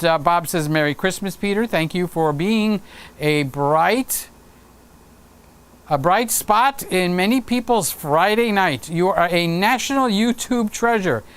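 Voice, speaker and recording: A middle-aged man with a high-pitched, clear and resonant voice hosts a casual livestream, reading viewer comments aloud. He's chatty and folksy, restarting often and laughing frequently.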